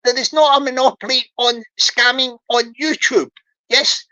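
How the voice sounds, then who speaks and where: A woman's voice: high-pitched, fairly even intonation, moderate pace, pushed and bright, poor audio. A woman giving joking livestream commentary, rambling, repeating herself and laughing often. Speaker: livestream host.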